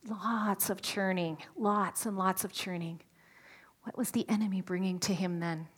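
A woman preaching a sermon, animated and asking her listeners questions, sometimes dropping to a whisper for emphasis. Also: mid-range voice, moderate pace. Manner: animated, asks the audience questions.

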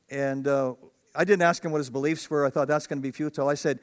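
A man's voice: medium pitch, fast talker. A man, a pastor, preaching a conversational sermon that builds to emphatic, raised peaks.

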